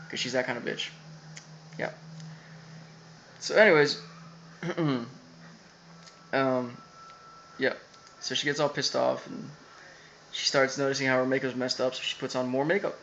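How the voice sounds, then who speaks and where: A man's voice: medium pitch, steady tone, measured pace, gravelly, pauses often, bright, forceful tone, muffled recording, slight background noise. A man casually recapping an anime episode, rambling with lots of fillers and quoted asides.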